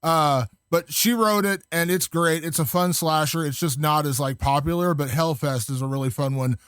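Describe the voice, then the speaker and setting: A man with a fairly high voice talks casually as a podcast guest. He rambles with enthusiasm, full of fillers and restarts. The sound is dry and close. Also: moderate pace, a bit bright, clean tone, dry recording. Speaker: guest film critic.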